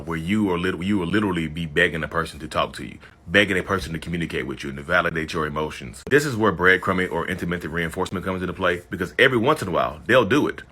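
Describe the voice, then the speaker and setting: A man's voice: deep voice, sharp tone, slightly rough. A man hosting his own channel, talking casually and emphatically to viewers, often repeating himself and saying "y'all". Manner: chatty, repetitive, says "y'all" often, emphatic. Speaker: YouTube host. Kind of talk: casual direct-to-camera talk.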